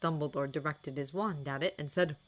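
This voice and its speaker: Female narrator, low register, expressive dramatic audiobook reading. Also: brisk. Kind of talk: fan fiction audiobook reading.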